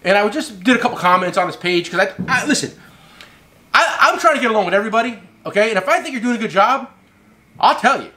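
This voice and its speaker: Animated high-voiced man rambling along. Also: fast. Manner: animated, rambling, swears casually. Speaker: host and tool company owner. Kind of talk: casual storytelling.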